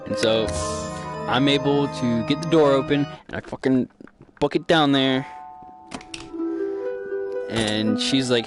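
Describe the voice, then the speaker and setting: A man's voice: medium pitch, slow, long pauses. A young man hosting a gaming channel, rambling through a joking, swearing recap of a horror game. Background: music.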